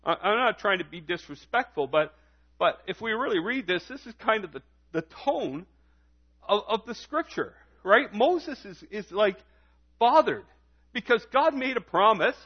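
High-voiced emphatic preacher. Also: male voice, very animated, moderate pace, slightly rough, dull audio. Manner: emphatic, repeated rhetorical questions. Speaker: pastor. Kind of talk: sermon.

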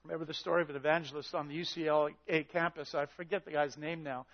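A man preaching an intense, shouted sermon who acts out the voices in his story. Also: a little high, steady tone, fast, muffled recording. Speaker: pastor.

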